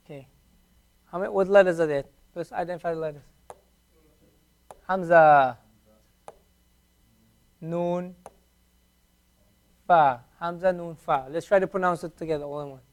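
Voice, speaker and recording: High-voiced man teaching a class. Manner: patient, repeats words slowly for students. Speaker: Arabic teacher. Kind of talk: classroom language lesson.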